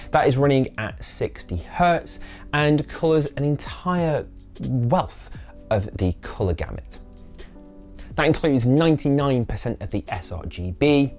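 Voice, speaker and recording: A man's voice: mid-range voice, a little mellow. A man presenting an orderly product review, explaining specs step by step. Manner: orderly, explanatory, spec-heavy. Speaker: tech reviewer.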